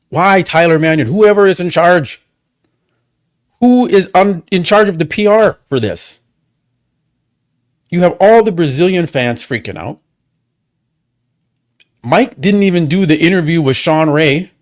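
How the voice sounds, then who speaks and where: A man's voice: on the high side, lively intonation. A man hosting a livestream, ranting angrily with heavy swearing and repeated rhetorical questions. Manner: profane, heated, rapid repetitions and rhetorical questions. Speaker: livestream host. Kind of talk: angry watchalong rant.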